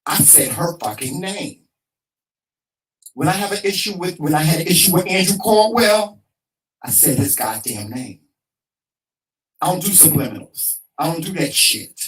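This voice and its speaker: A man's voice: fairly high pitch, animated, moderate pace, pauses often, a bit bright, far from the mic, low-quality recording. A man co-hosting a casual talk show, frustrated and emphatic, repeating himself and swearing freely with a preacher-like cadence.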